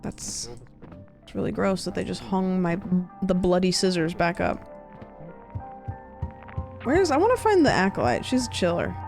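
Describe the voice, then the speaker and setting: A woman's voice: lowish voice, sing-song, moderate pace, vocal fry, long pauses, a little mellow, soft background music. A young adult woman streaming a horror game, joking casually and reading the game text aloud. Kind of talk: casual gameplay commentary.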